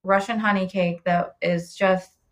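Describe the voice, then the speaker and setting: A chatty woman in a relaxed conversation, warmly enthusiastic about the food she loves. She talks freely with lots of "like" and "um", her voice sitting at an ordinary middle pitch. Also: unhurried. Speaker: guest. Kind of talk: casual chat.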